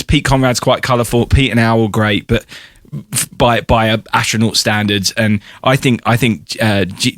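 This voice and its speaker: A man's voice: mid-range voice, fairly bright tone, dry recording, studio quality. A man co-hosting a podcast, chatting enthusiastically with frequent laughter. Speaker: podcast co-host. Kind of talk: casual chat.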